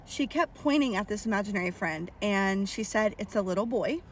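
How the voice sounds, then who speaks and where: A woman who works as a party performer and psychic medium excitedly tells a creepy story, acting out the voices. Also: mid-range voice, a little fast, a little hiss or hum. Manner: excited, acts out the child's voice. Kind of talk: casual storytelling to camera.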